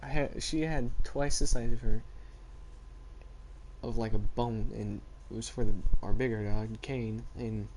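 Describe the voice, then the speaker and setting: A teenage boy talking casually in a vlog, rambling and laid-back. His pitch sits in a middle register. A faint hiss of background noise runs under the voice. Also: fairly even intonation, unhurried, darkish tone. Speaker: vlogger. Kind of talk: casual chat.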